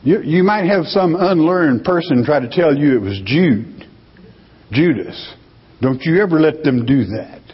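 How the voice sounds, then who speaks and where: A man's voice: a little high, animated, unhurried, slightly rough. A man teaching through Bible verses, emphatic, asking himself rhetorical questions and answering them. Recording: dull lo-fi recording in a reverberant hall.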